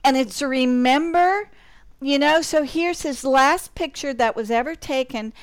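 A woman hosting a radio interview, chatty and quick to respond to her guest. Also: high voice, no room sound. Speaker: radio show host.

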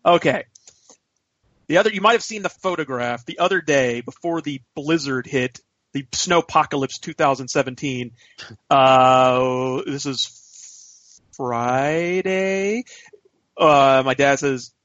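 A man, co-hosting a podcast, telling a story in an animated way and swearing freely. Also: medium pitch, slow pace, dry recording. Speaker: podcast co-host. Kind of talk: casual storytelling chat. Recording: dull lo-fi podcast audio, dry.

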